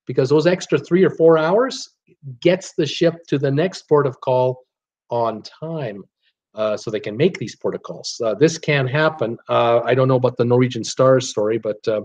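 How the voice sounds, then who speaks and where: A man's voice: mid-range voice, normal speed, a little mellow. A man hosting a casual live stream, rambling through viewer comments with lots of "uh" and restarts. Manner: rambling, frequent "uh" and restarts, upbeat replies to viewers. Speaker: YouTube channel host reading live chat.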